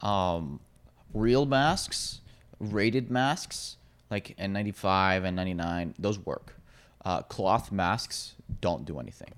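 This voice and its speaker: A man's voice: low voice, lively intonation, slow pace, smooth. A man in casual conversation who speaks bluntly and matter-of-factly, swearing freely. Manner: blunt, profane, matter-of-fact. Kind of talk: casual podcast chat.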